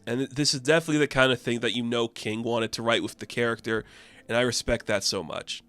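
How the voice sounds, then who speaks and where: A man's voice: mid-range voice, fairly even intonation, fast, a bit bright, clear, resonant tone, no room sound, faint music behind. Enthusiastic man recapping a comic. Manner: enthusiastic, rambling, many fillers. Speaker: comic book reviewer.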